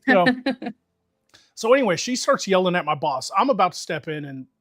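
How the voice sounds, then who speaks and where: A man's voice: sits high, big pitch swings, fairly quick, fairly bright tone, no echo, studio quality. A man casually telling a long, profane story to friends on a stream, talking with lots of energy.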